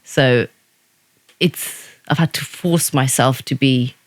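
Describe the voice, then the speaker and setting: A woman's voice: a bass voice, slow, dry recording. A woman, a podcast guest, talking frankly and playfully in casual chat. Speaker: podcast guest, wedding photographer.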